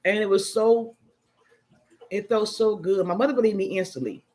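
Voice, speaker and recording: A woman's voice: mid-range voice, expressive, brisk. Candid woman hosting a livestream chat. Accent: Chicago area. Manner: candid, emphatic, sipping wine. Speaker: livestream host. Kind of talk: casual live chat reading viewer comments.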